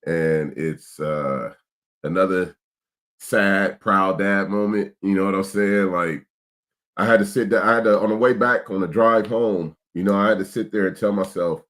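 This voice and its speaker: A man's voice: low voice, moderate pace, fairly bright tone. A middle-aged man, chatting casually and emotionally in a laid-back, slang-heavy way. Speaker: vlog host, father. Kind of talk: casual vlog chat.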